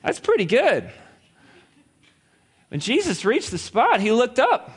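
Lively, playful male preacher. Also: very high-pitched, slow pace, husky. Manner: playful storytelling with laughs and acted quotes. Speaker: pastor. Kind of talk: sermon.

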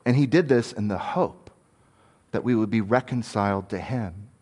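A man preaching a sermon in an earnest way, sometimes dropping soft and low, sometimes rising and emphatic. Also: normal speed.

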